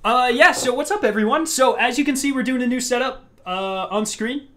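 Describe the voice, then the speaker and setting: A man's voice: very high-pitched, fairly quick, bright, forceful tone, faint music behind. A young man hosting a casual gaming podcast from home, rambling upbeat with many restarts. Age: young adult. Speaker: podcast host.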